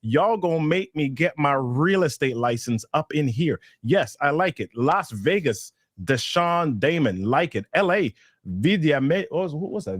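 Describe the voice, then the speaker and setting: A man's voice: on the high side, no room sound, studio quality. A man hosting a live online workshop, upbeat and hyped, reading out where viewers are tuning in from. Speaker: webinar host. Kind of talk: energetic live-stream hosting.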